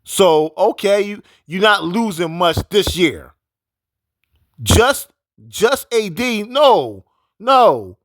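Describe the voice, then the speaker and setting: Male sports commentator, fairly high voice, repetitive and emphatic rant, dry close sound. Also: sing-song, very slow, no room sound. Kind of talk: casual sports opinion rant.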